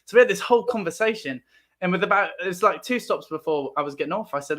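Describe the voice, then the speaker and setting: A man from Ohio hosting a video-call chat, telling lively anecdotes and acting out voices. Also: high voice, fast talker. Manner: animated, acts out voices in anecdotes. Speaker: host. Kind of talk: casual storytelling chat.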